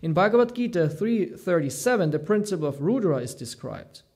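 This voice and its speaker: Guy teaching a scripture class, kinda high voice, halting and thinking out loud. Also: sing-song. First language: German. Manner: halting, thinks aloud, searches for words. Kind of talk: reading scripture aloud with commentary.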